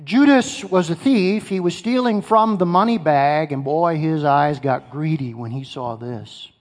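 A man's voice: fairly high pitch, measured pace. A male pastor preaching a sermon, emphatic, repeating key phrases and asking his congregation questions. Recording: long hall reverb.

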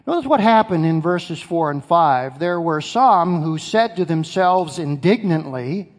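A man's voice: a little high, lively intonation, measured pace. A male pastor preaching a sermon, emphatic, repeating key phrases and asking his congregation questions. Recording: long hall reverb.

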